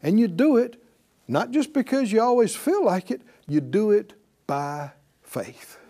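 A man's voice: high voice, big pitch swings, measured pace, dark tone. A man preaching a sermon to a class in a conversational way, calling on them to repeat after him. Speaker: pastor teaching a class.

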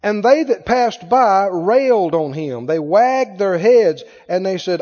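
Male preacher, fervent sermon delivery with congregation responses; wide-ranging high voice, dull lo-fi hall recording. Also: animated, measured pace, hardly any pauses, warm tone.

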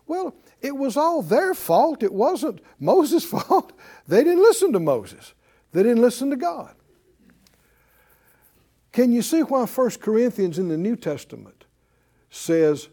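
A man's voice: sits high, big pitch swings, a little slow, mellow. A man preaching a sermon, who keeps quizzing his listeners with "Huh?". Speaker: preacher and Bible teacher.

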